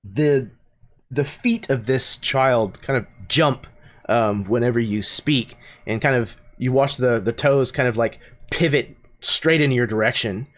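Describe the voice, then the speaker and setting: A man with a mid-range voice narrates at a measured pace as game master of a tabletop role-playing game. He sounds hesitant and uses fillers.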